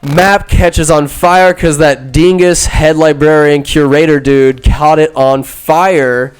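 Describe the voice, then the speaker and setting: A man with a smooth, resonant voice rambles through a comic movie recap, swearing freely and acting out scenes with sound effects. His delivery is loose and irreverent, with faint music underneath. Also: on the high side, fairly even intonation, slow. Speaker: podcast host.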